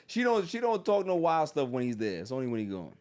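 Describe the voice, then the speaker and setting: A man hosting a casual sports podcast, slangy and animated, slipping into quick impressions of people. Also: on the high side. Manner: animated, slangy, mimics people mid-story. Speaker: podcast host.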